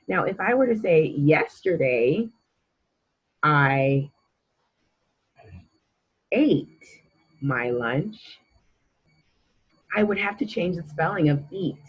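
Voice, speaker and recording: A woman's voice: deep voice, slightly rough, dull audio. A woman teaching a grammar lesson to children, patient and encouraging as she quizzes the listener.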